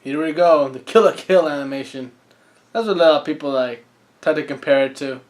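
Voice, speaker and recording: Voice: medium pitch, brisk. A reaction video host giving casual, joking commentary while watching an anime episode, thinking aloud with fillers and asides.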